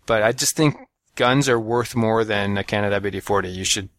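A man's voice: fairly low pitch, normal speed, fairly bright tone, no room sound. Joking Canadian man on a podcast. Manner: self-mocking, joking, with many fillers and restarts. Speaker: podcast co-host. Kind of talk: casual chat, reading listener emails.

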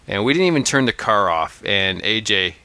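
A man co-hosting a podcast, telling hunting stories in an animated, casual way, often restarting his sentences. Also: on the low side, moderate pace, no echo. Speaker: podcast co-host. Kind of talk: casual storytelling chat.

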